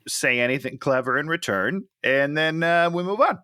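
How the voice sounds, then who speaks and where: A man with a high, bright voice riffs sarcastically on a bad comedy and bursts into character voices to mock its lines. His pitch swings widely as he talks. The sound is dry and close, with no room around it. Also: expressive, moderate pace, no echo. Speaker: podcast co-host. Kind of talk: casual comedic movie review chat.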